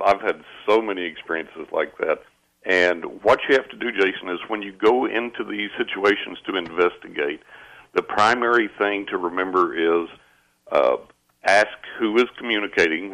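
A man giving advice on a radio talk show, explaining things in a steady, lecturing way. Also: sits low, normal speed, vocal fry, poor audio. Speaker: radio guest expert.

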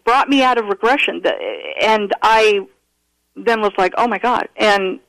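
A man calling in to tell a personal story, earnest and animated, often restarting his sentences. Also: sits high, a little slow, no echo, rough recording. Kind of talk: casual storytelling interview.

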